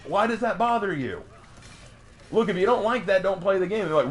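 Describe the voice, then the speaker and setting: A man streaming a game, ranting casually in an animated, mocking way, with frequent restarts and stammered repeats. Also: sits high, brisk, soft background music.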